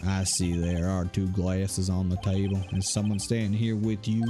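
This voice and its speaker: Low, mellow-voiced male streamer. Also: steady tone, moderate pace, few pauses, soft background music. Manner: playful, self-mocking, swears. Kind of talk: reading a game aloud with commentary.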